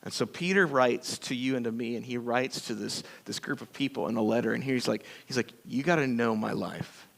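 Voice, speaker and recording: A man preaching a sermon as pastor, telling stories in a folksy, animated way with acted-out quotes. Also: mid-range voice, a little fast, creaky, few pauses. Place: church sanctuary.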